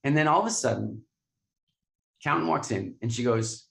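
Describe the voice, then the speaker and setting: A man telling a self-mocking business story in an animated way, often repeating words. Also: medium pitch, moderate pace, vocal fry, long pauses, echoey room. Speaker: guest, business owner. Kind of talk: storytelling interview.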